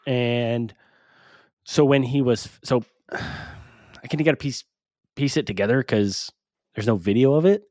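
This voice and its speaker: A man's voice: medium pitch, a little slow, long pauses, dry recording. Laid-back young man, podcast co-host. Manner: relaxed, thinks aloud with fillers. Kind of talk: casual chat.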